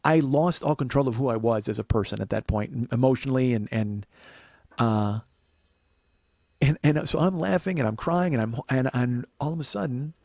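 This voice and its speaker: A man in his forties, hosting his podcast and telling a raw, profane story that swings from hushed and tearful to loud and laughing. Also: mid-range voice, moderate pace, vocal fry, no echo. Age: 40s. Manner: profane, rambling with many restarts. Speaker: podcast host. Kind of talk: confessional comic storytelling.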